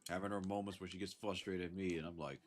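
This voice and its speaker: A man's voice: low-pitched, fairly even intonation, fast talker. A man with a Southern US accent, chatting casually on a live stream and thanking chatters, sounding congested from a sinus infection. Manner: laid-back, chuckles often, thanks chatters.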